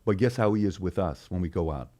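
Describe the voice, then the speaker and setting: A man's voice: sits low, quick pace. A middle-aged man chatting as a podcast guest, telling stories and acting out the quotes. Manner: animated storyteller who acts out quotes. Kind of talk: casual storytelling chat.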